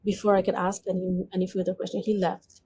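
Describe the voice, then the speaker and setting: A woman sharing her testimony as an interview guest, in a warm, mellow voice. She speaks earnestly and conversationally, often slipping in 'you know' as she goes. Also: mid-range voice, level tone, quick pace, a little hiss or hum, rough recording. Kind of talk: personal testimony storytelling.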